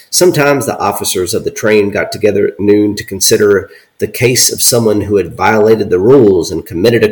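A man co-hosting a podcast, reading an old account aloud with deadpan asides. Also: lowish voice, poor audio. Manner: deadpan, reads quotes with dry asides. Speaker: podcast co-host.

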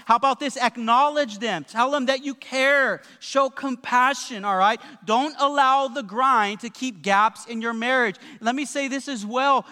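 A man in his thirties preaching a lively, joking sermon with frequent asides to the congregation. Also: very high-pitched. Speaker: pastor. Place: church sanctuary. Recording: long hall reverb.

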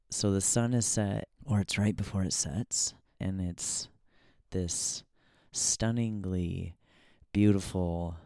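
A man's voice: deep voice, creaky, a little mellow, dry recording, clean studio sound. A man hosting a podcast in a casual, reflective monologue, musing aloud with many fillers and frequent laughs. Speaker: podcast host.

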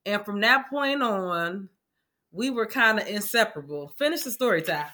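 Co-host, young woman, bright voice, chatty, speaks to the audience. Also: medium pitch, expressive, normal speed. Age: young adult. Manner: chatty, talks straight to listeners as y'all. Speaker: podcast co-host. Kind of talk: casual storytelling chat.

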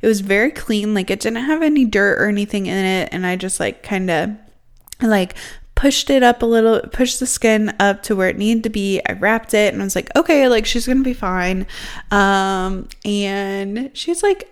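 A woman's voice: mid-range voice, normal speed, clean tone. Young adult woman vlogger, mid-range voice, chatty and casual, tells a story to camera with constant "like" fillers. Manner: chatty, heavy use of "like" as filler.

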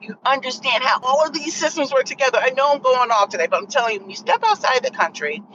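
A woman hosting a casual livestream, talking in an animated, rambling way and correcting herself mid-thought. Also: high voice, fast talker, dull audio, a little hiss or hum. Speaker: host.

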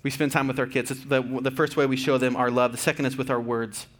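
A man in his thirties, a pastor giving a conversational, earnest sermon with fillers and restarts, going soft and quiet at tender points. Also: mid-range voice, little pitch movement, quick pace. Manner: drops to soft, quiet tones for tender moments.

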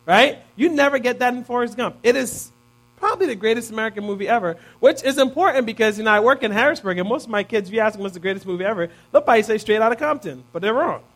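Thirties male preacher, high voice, relaxed and chatty, keeps asking the room "right?". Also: quick pace. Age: 30s. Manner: casual, peppers points with "right?". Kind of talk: conversational sermon.

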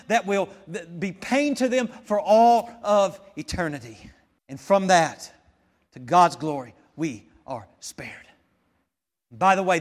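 Impassioned high-voiced male preacher. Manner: impassioned preaching, rising to shouts, then calm teaching. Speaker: pastor. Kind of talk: sermon.

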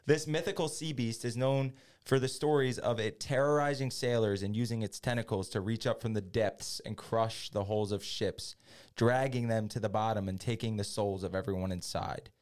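A man hosting a casual podcast who reads trivia questions aloud at an even pace. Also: lowish voice, moderate pace. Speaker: quiz host reading trivia questions.

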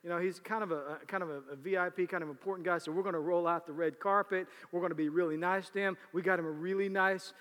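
A man's voice: sits high, steady tone, quick pace, few pauses, a bit bright. A man preaching as pastor, moving from casual, joking announcements into an emphatic sermon. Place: church sanctuary. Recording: reverberant church hall.

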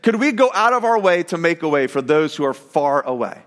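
A man with a notably high voice preaches in a loose, chatty way, stopping and restarting his sentences and leaning hard on "like" and "you know". His words carry the long reverb of a church hall. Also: a little fast. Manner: conversational, animated preaching with many fillers and restarts. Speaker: pastor. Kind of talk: sermon.

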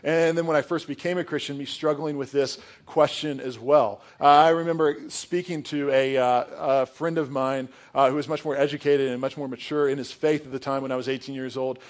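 A man's voice: mid-range voice, fairly even intonation, fairly quick, few pauses. A young adult man preaching a sermon as pastor, earnest and conversational, with casual asides.

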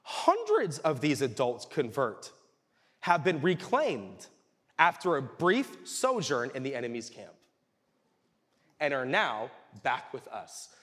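A male pastor preaching a sermon with animated delivery that rises to shouts. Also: fairly high pitch, slow. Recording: reverberant hall.

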